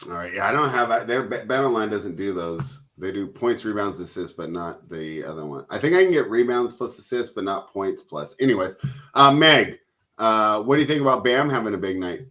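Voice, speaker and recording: A man's voice: lowish voice, fairly quick, a bit bright, low-quality recording. A man hosting a casual sports betting chat, joking and calling himself a hater. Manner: joking, self-described hater. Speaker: host.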